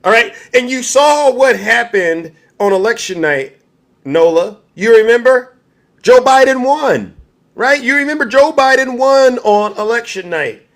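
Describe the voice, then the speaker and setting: A man's voice: very high-pitched, expressive, measured pace. A man hosting a livestream, giving heated political commentary and answering his chat directly in an angry tone. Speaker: livestream host.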